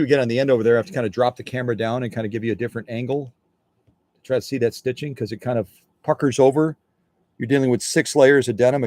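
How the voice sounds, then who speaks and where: A man's voice: mid-range voice, darkish tone, no room sound, clean studio sound. A man hosting a sewing machine live stream in a workshop, chatty and folksy, often repeating his phrases. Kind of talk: casual demonstration talk.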